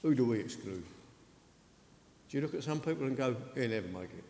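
A male preacher giving an excitable sermon, dropping to quiet asides and rising to loud acted-out quotes. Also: mid-range voice, a little fast, slight background noise. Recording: echoey hall with long reverb.

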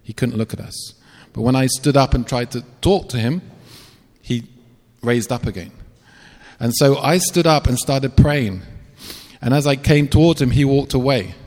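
A man's voice: medium pitch, normal speed, a little mellow. Brief: man, missionary preacher, earnest testimony, reverberant hall. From England. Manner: storytelling, earnest, with self-deprecating asides. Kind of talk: personal testimony sermon.

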